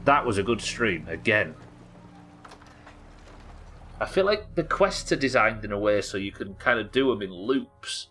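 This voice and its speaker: Chatty game streamer, low voice. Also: male voice, expressive, a little slow, pauses often, bright, forceful tone. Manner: casual, chatty, laughs often. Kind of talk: live gameplay commentary.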